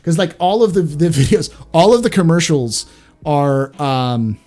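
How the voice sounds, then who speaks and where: Male live-stream host, casual, halting, faint background music. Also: a little high, a little mellow. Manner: halting, repeats words, chatty.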